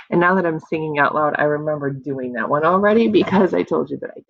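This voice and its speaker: A young kindergarten teacher guides small children through an online phonics lesson, slow, encouraging and sing-song. Her low-pitched voice has a slight gravelly edge, and the dry, slightly dull sound suggests a basic computer mic.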